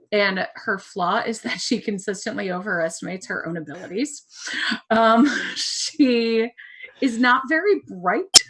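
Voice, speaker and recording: Unhurried easygoing woman player. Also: medium pitch, fairly bright tone, husky. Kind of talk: casual chat about a game character.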